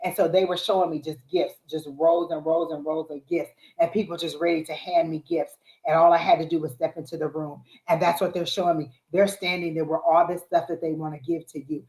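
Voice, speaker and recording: A woman's voice: sits low, little pitch movement, fairly quick, few pauses, a little mellow. A woman giving live psychic tarot readings, talking in an encouraging, repetitive way with frequent fillers. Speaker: psychic reader. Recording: roomy echo.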